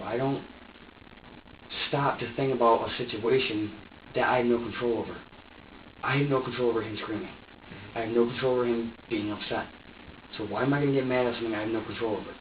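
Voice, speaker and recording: In a police interview room, a man under questioning speaks at a medium pitch, agitated, rambling, and profane. The recording sounds echoey, distant, and muffled, with slight background noise.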